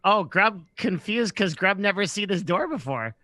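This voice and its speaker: A man's voice: high voice, lively intonation, normal speed, bright, forceful tone, dry recording, studio quality. A man playing a simple-minded male goblin who speaks in broken third-person sentences. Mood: curious.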